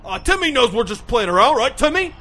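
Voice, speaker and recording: Shrill brash lout, bright tone, comedy sketch. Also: male voice, sing-song, a little fast, heavily acted. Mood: rowdy. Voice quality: brash, shouting. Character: loutish male British hooligan sidekick.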